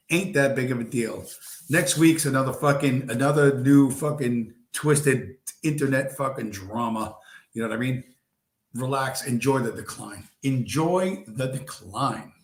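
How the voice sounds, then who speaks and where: A man's voice: mid-range voice, fairly bright tone. A man hosting a late-night livestream, ranting bluntly and crudely at his viewers from a home room, his voice getting worn. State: losing his voice. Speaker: livestream host. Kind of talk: profane late-night stream rant. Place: home room with a squeaky chair. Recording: roomy echo.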